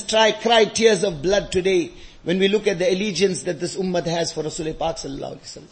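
High-voiced man preaching with passion. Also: quick pace. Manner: impassioned, building to emotional peaks; mixes Arabic phrases into English. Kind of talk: sermon.

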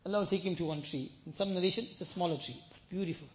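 Fast-talking, high-voiced male preacher. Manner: lively storytelling, mixes in chanted Arabic verses; emphatic, repeats phrases for stress. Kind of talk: sermon explaining scripture.

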